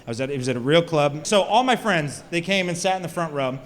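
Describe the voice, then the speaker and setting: Crude high-voiced stand-up comic man. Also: lively intonation, fast. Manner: crude, self-mocking, chatty with the crowd. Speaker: stand-up comedian. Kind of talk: stand-up set. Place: comedy club stage. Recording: live club with reverb and loud crowd. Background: audience laughter.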